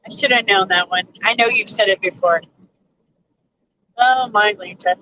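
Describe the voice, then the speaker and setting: A woman's voice: mid-range voice, moderate pace, bright, forceful tone, highs cut off, slight background noise. A woman trucker hosting a casual live stream from her truck cab, chatting with viewers and laughing often. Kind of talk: casual live chat reading viewer comments.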